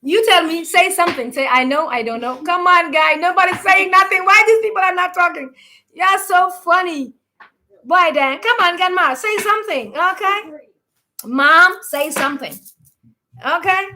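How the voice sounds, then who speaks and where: A woman's voice: very high voice, normal speed, pushed and bright. A woman giving a spiritual talk to online followers. She speaks emphatically, piles up rhetorical questions and calls on listeners to answer.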